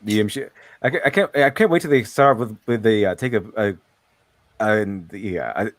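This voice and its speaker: Lively, rambling man on a stream. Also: lowish voice, a little fast, no echo. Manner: rambling, laughs often, stumbles over words. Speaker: stream co-host. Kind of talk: casual chat.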